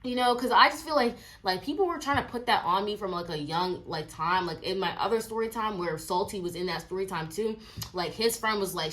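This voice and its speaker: A woman in her twenties telling a casual storytime, chatty and animated, with lots of filler likes. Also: medium pitch, fairly quick. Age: 20s. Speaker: vlogger.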